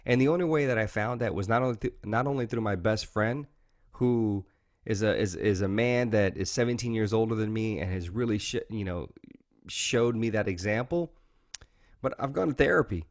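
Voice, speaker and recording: A man's voice: on the low side, moderate pace, a little mellow. A man, talking earnestly and openly as an interview guest, often saying "man" and "you know". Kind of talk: candid interview talk.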